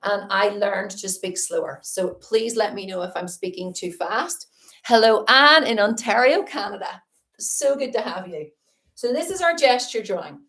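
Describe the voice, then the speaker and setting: A woman's voice: mid-range voice, animated, normal speed, a bit bright. Woman art teacher, live-stream lesson, chatty and upbeat, roomy echo. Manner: chatty, upbeat, greets viewers while explaining.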